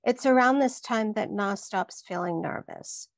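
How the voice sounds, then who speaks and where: Gravelly-voiced woman reading her novel. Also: medium pitch, a little slow, no room sound. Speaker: author.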